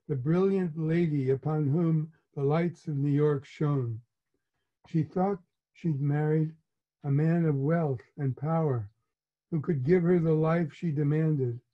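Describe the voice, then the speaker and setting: A man in his eighties, an author reading his memoir aloud in a measured, reflective way. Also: on the high side. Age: 80s. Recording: muffled lo-fi recording.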